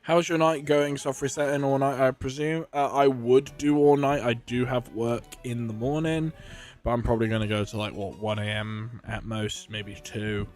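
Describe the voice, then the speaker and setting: A man's voice: mid-range voice, steady tone, normal speed, darkish tone, faint music behind. A British man streaming a video game live, chatting casually with viewers, joking and swearing often as he laughs at himself.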